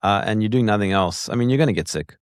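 A man's voice: lowish voice, quick pace, smooth, no room sound, studio quality. Emphatic man who laughs often. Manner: emphatic, laughs often, repeats words at the start of sentences. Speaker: podcast guest. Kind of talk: casual conversation.

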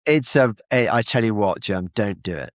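A British podcast host with a lowish, animated voice chats casually at normal speed, rambling and often stumbling and repeating words. The sound is clean studio quality with no room sound.

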